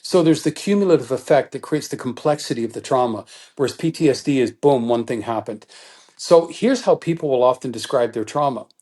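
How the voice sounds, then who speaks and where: A middle-aged man appears as a guest expert in an interview, explaining things in an animated, teacherly way and acting out the thoughts he quotes. He speaks a little fast at a medium pitch.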